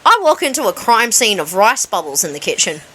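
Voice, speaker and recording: Lively Australian woman telling stories. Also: mid-range voice, fairly quick, very noisy. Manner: animated anecdote teller, acts out dialogue, laughs often. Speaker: radio co-host. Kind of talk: casual chat.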